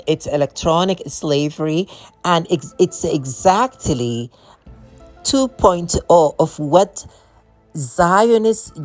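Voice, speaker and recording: Low-pitched woman, impassioned monologue, repetitive, faint music behind. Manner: impassioned, repetitive, with frequent restarts. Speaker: video creator. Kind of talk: monologue to camera.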